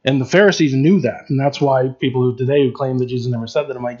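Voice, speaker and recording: A man's voice: medium pitch, fairly even intonation, quick pace, a little mellow, dull audio. A man preaching in an informal, conversational way, with frequent fillers and restarts. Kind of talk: informal Bible teaching.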